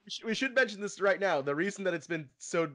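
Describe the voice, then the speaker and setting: A man's voice: sits high, animated, fast talker, pushed and bright. A young man talks in a loose, podcast-style chat with his co-host. His voice rises and falls a lot. He laughs often and swears casually. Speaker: channel co-host.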